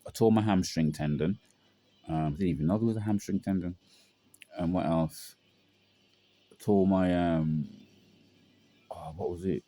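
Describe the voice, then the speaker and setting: A man's voice: low-pitched, fairly even intonation, measured pace, long pauses, dark tone, no room sound. A young man telling a personal story in a rambling, slangy way with lots of fillers. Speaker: vlogger.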